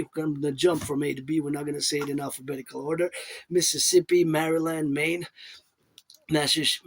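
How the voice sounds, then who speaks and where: A man rambling in a monologue to camera, repeating himself and reeling off places in bursts. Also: a little high. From Canada. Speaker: self-styled event organizer.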